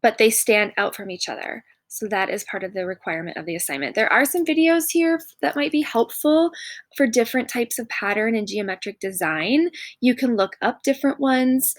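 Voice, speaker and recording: A woman's voice: fairly high pitch, normal speed, no echo. A woman art teacher talking through student examples in a recorded lesson, encouraging and pointing things out one by one. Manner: encouraging, repeats "notice" while pointing out examples. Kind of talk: recorded classroom lesson walkthrough.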